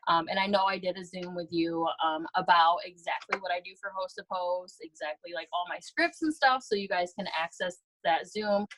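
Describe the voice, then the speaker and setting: A woman with a lowish voice shares tips on a video call in a chatty, upbeat way, with plenty of ums. Her sound is dry and close. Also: moderate pace, hardly any pauses, fairly bright tone, no room sound, low-quality recording. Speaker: guest team leader. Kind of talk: casual sharing on a video call.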